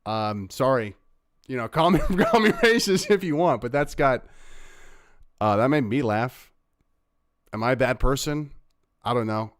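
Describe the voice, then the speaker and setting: A man's voice: medium pitch, lively intonation, unhurried, long pauses, dry recording, studio quality. A man hosting a livestream, giving casual, sarcastic commentary on clips he plays, rambling with fillers. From Canada. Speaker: livestream host reacting to clips.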